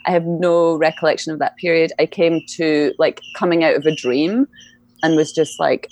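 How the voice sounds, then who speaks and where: A woman's voice: low voice, steady tone, normal speed, a little mellow. A young woman talking casually as an interview guest, chatty and laughing often, with many fillers. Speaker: guest, EFT practitioner.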